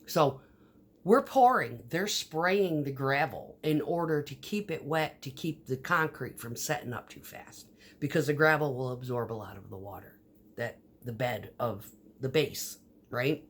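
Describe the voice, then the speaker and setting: A woman's voice: rumbling low, a little slow, a little hiss or hum. A woman vlogger telling stories in a casual, rambling monologue, swearing often, with many fillers and restarts. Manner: profane, storytelling, frequent fillers and restarts.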